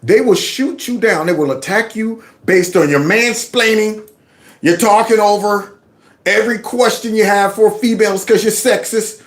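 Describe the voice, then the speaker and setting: A man's voice: sits high, moderate pace. A man hosting a casual opinion commentary show, emphatic and given to repeating his phrases. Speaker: commentary channel host.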